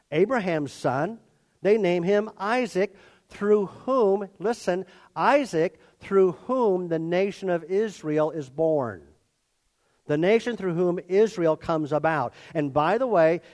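A man preaching a conversational sermon and acting out the characters in his story. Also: high voice. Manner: expressive, conversational, acts out characters. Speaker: pastor.

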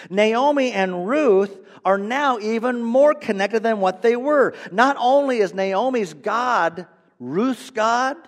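A man preaching a sermon, swinging between loud emphasis and quiet, earnest stretches and often repeating words. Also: high-pitched, in a large hall. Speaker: pastor.

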